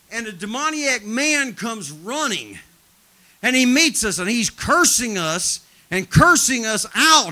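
A man preaching a live sermon in a church, telling stories in a folksy way, swinging from loud emphatic shouts to low, intense tones and laughing at his own stories. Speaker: traveling preacher. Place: church sanctuary.

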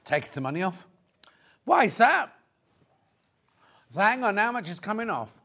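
A man's voice: sits high, sing-song, moderate pace, long pauses, bright, forceful tone. A man presenting fabrics on a live shopping show, chatty and effusive, thinking aloud as he goes. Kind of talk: live product demonstration.

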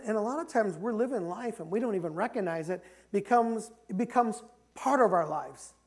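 A man preaching a sermon as pastor, impassioned and repetitive, with swings between loud declarations and quiet confession. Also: high-pitched. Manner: confessional, quiet when telling his own story.

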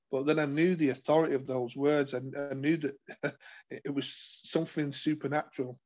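Man, interview guest, earnest testimony, halting with fillers, monotone delivery. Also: a little high, lo-fi sound. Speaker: guest sharing his testimony. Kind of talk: personal testimony in conversation.

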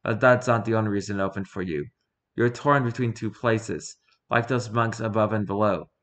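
A man reading the lines of a gentle father figure in a spoken story, reassuring and tender. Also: lowish voice, steady tone, moderate pace, natural voice.

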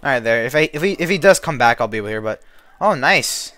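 A man live-streaming a game, chatting in a rambling, excitable way with a friend over voice chat. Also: mid-range voice. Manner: rambling and excitable, quick to shout. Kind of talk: casual gaming chat.

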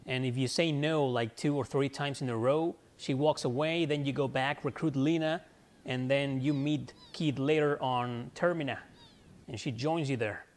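A man's voice: mid-range voice, normal speed. A man hosting his own gaming channel, chatting casually through gameplay, laid-back and joking at himself.

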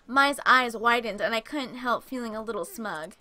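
A woman's voice: on the high side, lively intonation, moderate pace, bright, forceful tone. A young woman reading a visual novel aloud, with playful, giggly asides and silly voices for the characters. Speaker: let's play host reading a visual novel. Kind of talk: reading a dating game aloud with commentary.

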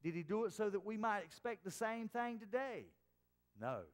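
A man preaching a sermon as pastor, dropping to soft, hushed tones for quoted words. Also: sits high, sing-song, normal speed, big-room sound. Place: church sanctuary.

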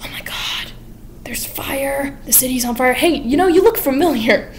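Woman doing a high, frantic old beggar woman. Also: lively intonation, fairly quick, darkish tone, reverberant, a little hiss or hum. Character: frightened old beggar woman, suspicious and rambling.

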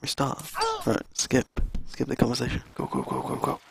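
A young man streaming a video game, reacting live with excitable exclamations and swearing at what happens on screen. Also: medium pitch, moderate pace, creaky, noisy background. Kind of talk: live gameplay commentary.

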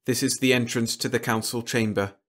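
A cold robot leader speaking with measured, flat politeness, as a man puts the voice on. The voice sits a little higher than usual and never shows emotion. It sounds like a machine in a storybook reading. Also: natural voice. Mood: cold, formal.

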